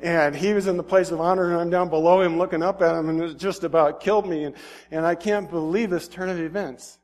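A man's voice: fairly high pitch, fairly even intonation, brisk, a little mellow, long reverb tail, close to an everyday voice. A man voicing a scheming royal official who pleads eagerly and frantically. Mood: distraught.

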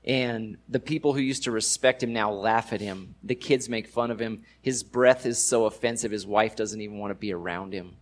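A man's voice: fairly low pitch, normal speed, hardly any pauses. A man preaching a sermon in a casual, conversational way, using everyday slang and rising with emphasis on key points. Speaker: pastor.

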